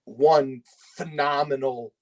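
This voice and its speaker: A man's voice: medium pitch, fairly even intonation, slow pace, crowd noise, rough recording. A man in his thirties from Pennsylvania, speaking as a podcast guest. He tells his story in loose, casual talk full of fillers and frequent swearing. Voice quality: swears freely, rambling with fillers.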